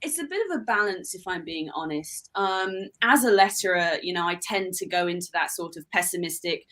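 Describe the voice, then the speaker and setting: A woman's voice: fairly low pitch, fairly quick, hardly any pauses, a bit bright, rough recording. A woman with an English accent, a comic letterer chatting as a guest over a video call, friendly and self-deprecating. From England. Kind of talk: casual interview chat.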